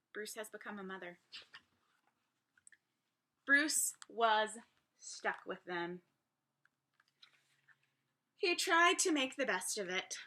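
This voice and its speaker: A woman teacher reading a picture book to little children, breaking off for friendly, chatty asides. Her voice is bright and lively, sitting a little high for a woman. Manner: chatty asides to young listeners. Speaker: preschool teacher. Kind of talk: picture-book read-aloud.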